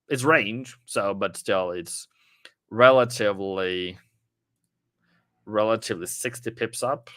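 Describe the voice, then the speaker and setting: A man's voice: lowish voice, slow pace, pauses often, fairly bright tone, no echo, studio quality. A man casually commenting on a live trading stream, rambling and chatting with viewers as he goes through the charts.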